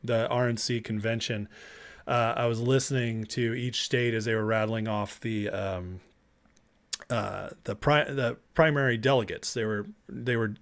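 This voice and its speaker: A man hosting a casual political livestream, talking excitedly and emotionally and reading viewer comments aloud. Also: lowish voice, unhurried. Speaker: livestream host.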